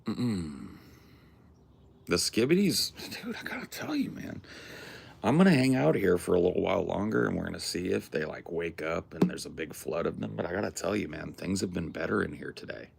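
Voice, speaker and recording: A man with a very low voice full of heavy vocal fry, hosting a livestream. He chats casually and rambles in slangy, profane asides to his viewers. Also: fairly quick, hardly any pauses, a little mellow. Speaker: livestream host. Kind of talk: casual chat with a live chat.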